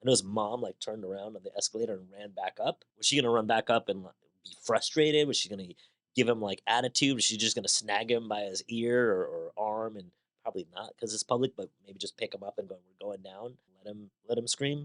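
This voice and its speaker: Guy w a lowish voice rambling thru a podcast monologue, asks lots of questions, tells stories. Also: quick pace, fairly bright tone. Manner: conversational, rhetorical questions, storytelling. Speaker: podcast host. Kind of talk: reflective monologue.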